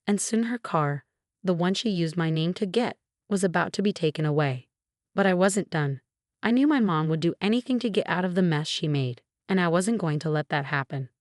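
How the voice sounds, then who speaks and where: A woman narrating a story in a measured, even way. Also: fairly low pitch, no room sound, studio quality.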